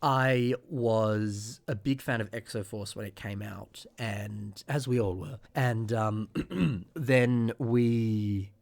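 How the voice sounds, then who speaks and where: A young man in his twenties with a somewhat low voice, talking casually on a podcast. He rambles through long stories, acts out the things people said, and keeps clearing a rough morning throat. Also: slow pace, few pauses. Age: 20s. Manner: rambling storyteller who acts out remembered quotes. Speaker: podcast co-host. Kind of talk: casual chat.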